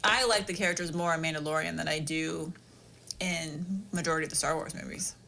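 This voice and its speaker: A woman's voice: low-pitched, steady tone, brisk, vocal fry, pushed and bright, a little hiss or hum. A young woman co-hosting a podcast in casual chat, giggly and teasing. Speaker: podcast co-host.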